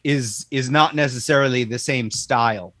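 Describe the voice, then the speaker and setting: A man's voice: mid-range voice, moderate pace, a bit bright, no room sound. A man hosting a casual chat, talking loosely and filling his sentences with "like". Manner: chatty, fills with "like".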